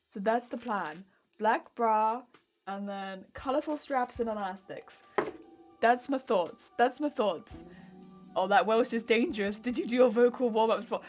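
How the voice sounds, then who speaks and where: A woman craft streamer chatting casually on a live stream while hoarse, her wheezy voice cracking as she talks. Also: fairly high pitch.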